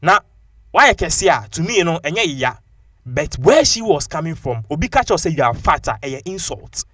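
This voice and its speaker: A man with a Ghanaian English accent giving animated, opinionated commentary and mixing local-language phrases into his English. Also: a little high, fairly quick, no echo, clean studio sound.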